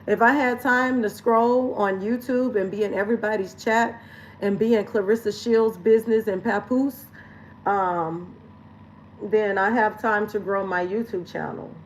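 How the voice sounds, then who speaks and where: A woman's voice: mid-range voice, steady tone, unhurried, slight background noise, low-quality recording. A woman lifestyle coach talking frankly and chattily straight to her viewers in a casual vlog, swearing now and then. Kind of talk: candid direct-to-camera vlog talk.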